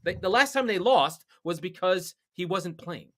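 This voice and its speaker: A man co-hosting a podcast, chatting casually about soccer, getting excited and swearing when worked up. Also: high-pitched, moderate pace. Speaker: podcast co-host. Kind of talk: casual sports chat.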